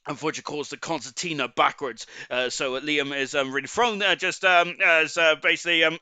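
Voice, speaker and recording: A man with a Gloucestershire Forest of Dean accent gives live commentary on a sim racing stream, chatty and halting, with plenty of ums and restarts. His voice sits a touch high and sounds bright and crisp, recorded close and dry. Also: dry recording. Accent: Forest of Dean (Gloucestershire) English. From Forest of Dean, England. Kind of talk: live stream race commentary, reading chat.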